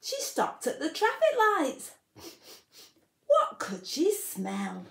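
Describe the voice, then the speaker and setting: A woman reads a rhyming picture book aloud to children for a library storytime. She goes very slowly, with a high voice that swoops widely. Now and then she drops into a whispered aside. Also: huge pitch swings, creaky, fairly bright tone.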